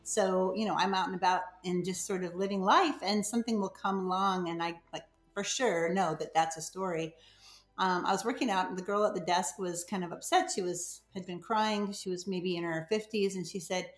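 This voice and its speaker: A woman's voice: lowish voice, steady tone, normal speed, echoey room. A middle-aged woman, a novelist guest on a podcast, earnestly telling a story and replaying conversations. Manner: earnest, retells conversations with quoted voices.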